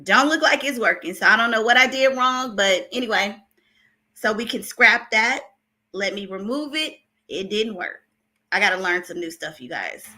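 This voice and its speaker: A middle-aged woman from Oakland, California, with an Oakland accent, hosts a casual celebrity gossip livestream. Her mid-range voice is bright, forceful, and expressive at a moderate pace, and she greets viewers by name and laughs between remarks.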